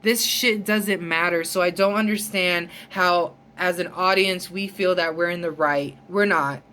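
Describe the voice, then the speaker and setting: A woman's voice: on the low side, steady tone, unhurried, sharp tone, slight background noise. A woman vlogger ranting in a heated, emphatic way, with frequent swearing. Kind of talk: ranting storytime vlog.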